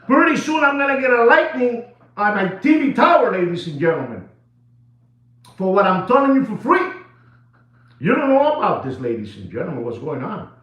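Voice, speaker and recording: Recorded with dull sound in a room full of echo, a watch dealer talks at normal speed in a high voice. His spontaneous video monologue is animated and repetitive, with shouts, laughs and some Spanish.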